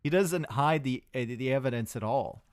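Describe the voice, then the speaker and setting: A man's voice: mid-range voice, lively intonation, normal speed, dry recording, studio quality. A young man casting a live strategy game match, chatty and rambling, with asides to his chat. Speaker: esports caster.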